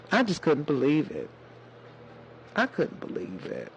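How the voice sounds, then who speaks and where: A man's voice: fairly high pitch, gravelly, slight background noise, rough recording. A man hosting a casual livestream chat in a sassy way, calling his viewers baby and honey. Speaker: livestream host.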